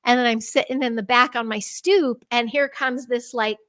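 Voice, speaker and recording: Animated high-voiced woman telling stories. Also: moderate pace, no room sound, studio quality. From United States. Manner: animated, laughing often, acts out her own quoted lines. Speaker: guest. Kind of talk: conversational storytelling.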